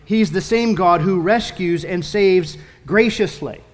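A male pastor with a fairly high voice delivers an earnest sermon, leaning on key words and slowing down for emphasis. His voice rings out through a church sanctuary with a long, lingering reverb. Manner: earnest preaching with emphatic slowed phrases.

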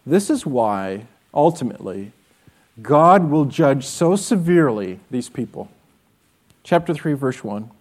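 A man's voice: medium pitch, very animated, unhurried. A man preaching a sermon as pastor, earnest and direct, often asking his listeners rhetorical questions. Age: adult with children.

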